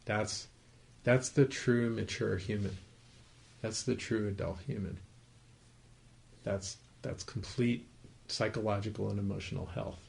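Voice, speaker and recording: A man's voice: fairly low pitch, fairly even intonation, unhurried, creaky, long pauses. A man teaching meditation to a small group in a home, in a conversational style that often checks whether the listeners follow. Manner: conversational, gently explaining, asks the listeners to confirm they follow. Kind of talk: dharma talk to a group.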